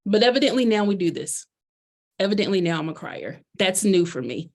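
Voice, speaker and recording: A woman's voice: mid-range voice, expressive, brisk, darkish tone. Bubbly woman life coach, chatty and loose, casual delivery. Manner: chatty, bubbly, lots of fillers. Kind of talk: casual presentation chat.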